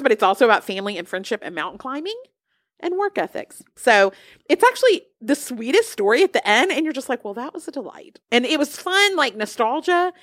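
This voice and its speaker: A woman co-hosting a podcast, chatty and animated as she recommends shows and books. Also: fairly high pitch, no echo, clean studio sound. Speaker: podcast co-host. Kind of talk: casual pop-culture chat.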